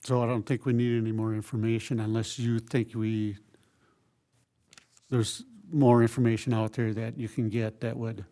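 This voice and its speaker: A man's voice: medium pitch, level tone, moderate pace, dark tone. A man leading a city council workshop discussion, talking loosely and conversationally with many fillers. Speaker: city council presiding member.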